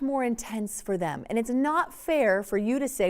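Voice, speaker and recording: A woman's voice: on the high side, normal speed, hardly any pauses. A woman giving a conversational parenting workshop talk to an audience, often acting out examples. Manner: animated, conversational, acts out examples. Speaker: workshop speaker.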